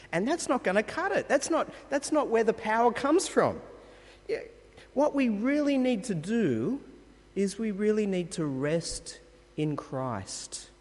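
A man delivers a sermon in a lively, rising and falling voice, set a touch high for a man. He presses his points with emphatic rhetorical questions. His words ring out with the long reverb of a large hall. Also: a little slow. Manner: emphatic, rhetorical questions, addresses listeners as friends. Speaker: pastor.

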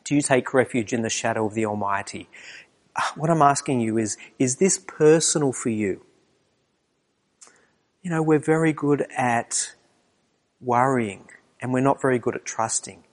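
A man delivers a sermon in a mid-pitched voice, earnest and searching. He presses his listeners with questions and often falls to a quiet tone. The sound rings with the long reverb of a church. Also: moderate pace, long pauses. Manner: earnest, asks the congregation rhetorical questions, drops to a hushed tone at times. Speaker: preacher.

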